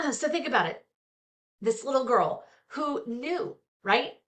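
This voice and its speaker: A woman's voice: high-pitched, expressive, slow pace, fairly bright tone. A middle-aged woman, a therapist, reading a book aloud and stopping often for frank, chatty personal asides. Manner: reads aloud then breaks off into frank, chatty asides with fillers. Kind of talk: casual book reading with commentary.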